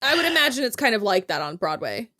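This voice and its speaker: Animated high-voiced woman co-host. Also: fast. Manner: animated, laughs often. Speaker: podcast co-host. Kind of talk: casual recap chat.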